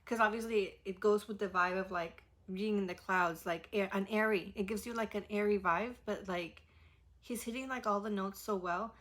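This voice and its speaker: A woman's voice: medium pitch, steady tone, moderate pace, a bit bright. Gushing woman reacting to a song. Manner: gushing, rambling, heavy use of "like". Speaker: music reaction creator. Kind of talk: casual music reaction commentary. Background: faint song playing.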